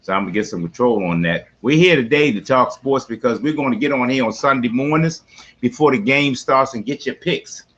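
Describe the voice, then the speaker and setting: A man with a Baltimore accent hosting a casual live sports podcast from his man cave, talking in loud, slangy, folksy bursts. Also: medium pitch, a little fast, highs cut off. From West Baltimore. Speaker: podcast host.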